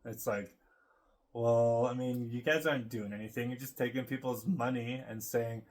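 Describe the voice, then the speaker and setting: A man talking to his camera in a loose, rambling way, with lots of filler words and quick laughs along the way. His voice sits at an ordinary middle pitch, and he sounds relaxed and unscripted. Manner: meandering, full of fillers, laughs often. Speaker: vlogger. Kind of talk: casual rambling monologue to camera.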